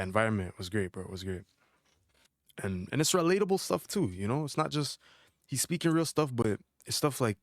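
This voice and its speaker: A young man hosting a casual album reaction, chatty and animated, using slang and laughing often. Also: on the low side, no echo, clean studio sound. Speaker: music reaction host.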